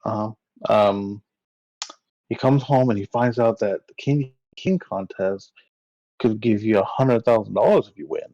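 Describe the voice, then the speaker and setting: A man's voice: on the low side, a little slow, mellow, no echo, dull audio. A laid-back man co-hosting a casual movie chat, swearing freely. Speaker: podcast co-host.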